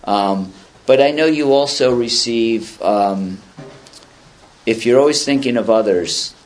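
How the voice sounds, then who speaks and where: A man's voice: medium pitch, slow. A man in his fifties, speaking at a recovery meeting in a meeting room. He reads passages aloud and comments on them in a rambling, conversational way with dry self-deprecating humor. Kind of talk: casual spoken share, reading passages aloud and commenting.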